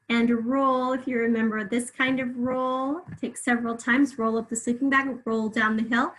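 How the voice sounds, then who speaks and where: A woman's voice: on the high side, flat delivery, a bit bright, poor audio. Woman teacher reading spelling words. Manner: clear, deliberate enunciation of words and syllables. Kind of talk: spelling test lesson.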